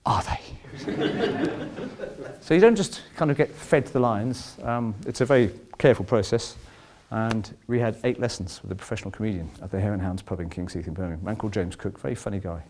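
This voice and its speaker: A man's voice: fairly low pitch, brisk, a little mellow, a little hiss or hum. A man telling a chatty, self-mocking story to an audience. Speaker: speaker telling his story. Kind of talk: casual storytelling talk.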